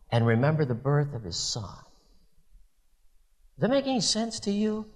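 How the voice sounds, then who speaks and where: A man preaching a sermon in a church, animated, with wide swings in pitch and loudness. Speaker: pastor.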